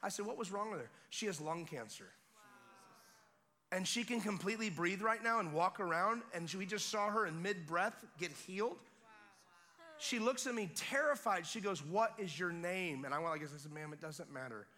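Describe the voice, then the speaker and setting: Animated preacher man, bright voice. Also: high-pitched, moderate pace. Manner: animated storytelling, swinging from hushed to shouting. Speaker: guest preacher. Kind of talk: sermon testimony. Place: church service.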